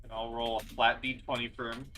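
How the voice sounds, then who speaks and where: A man's voice: medium pitch, flat delivery, fairly quick, bright, forceful tone, a little hiss or hum, poor audio. A man narrating as game master of a tabletop game, rambling with many fillers.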